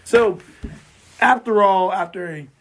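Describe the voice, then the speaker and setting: This hoarse, boyish-sounding man has lost his voice while co-hosting a casual sports podcast. His voice is high with a fairly bright tone, and he talks slowly, rambling and repeating himself about sports.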